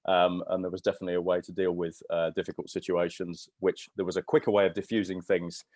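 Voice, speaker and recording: A man's voice: low-pitched, little pitch movement, fast talker, a little mellow, no echo. A man in his fifties, a podcast guest, telling anecdotes in a rambling, casual way with lots of restarts. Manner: rambling, with many restarts and fillers. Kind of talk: casual storytelling chat.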